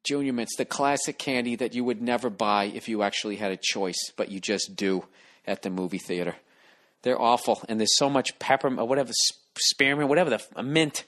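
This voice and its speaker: A man's voice: medium pitch, steady tone, fairly quick, a bit bright. A middle-aged man hosting a solo podcast, rambling in a sarcastic, profane rant full of asides. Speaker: podcast host.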